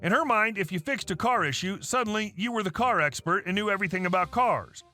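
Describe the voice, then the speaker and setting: A man narrating reddit stories in a brisk, animated reading style. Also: sits high, soft background music. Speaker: story narrator.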